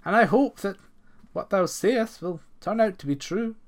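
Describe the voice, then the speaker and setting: A man reading the part of a cautious older farmer in a storybook, speaking slowly and carefully. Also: high-pitched, voice pushed up. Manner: slow, measured and cautious.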